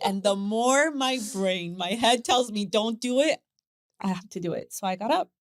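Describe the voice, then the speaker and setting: A woman, a podcast guest, telling a personal story with lively acted quotes, repeated words and frequent laughter. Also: mid-range voice, moderate pace, no room sound, clean studio sound. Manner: animated storyteller who acts out voices, repeats words and laughs often. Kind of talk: casual interview chat.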